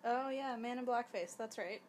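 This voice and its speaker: A woman's voice: a little high, normal speed, darkish tone, a little hiss or hum. A woman chatting casually while watching a film, making wry, critical and teasing remarks. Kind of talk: casual watch-along commentary.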